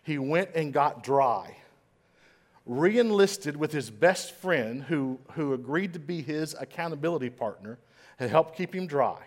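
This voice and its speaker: Man, speaker at an event, self-deprecating humor, slight stammer, somewhat higher pitch. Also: expressive, unhurried. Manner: admits trouble with certain words, occasional stammer. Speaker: invited speaker. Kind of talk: humorous motivational speech to a live audience.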